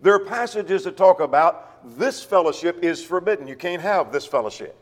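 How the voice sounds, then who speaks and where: A man's voice: high voice, expressive, normal speed, big-room sound. A man preaching a Bible sermon, teaching verse by verse and repeating key phrases for emphasis. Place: church.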